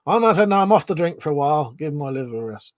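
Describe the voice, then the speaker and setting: Laid-back man, higher voice. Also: lively intonation, quick pace, no echo. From Buckinghamshire, England. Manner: laid-back, swears freely, laughs often. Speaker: livestream host. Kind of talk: casual chat reading out viewer comments.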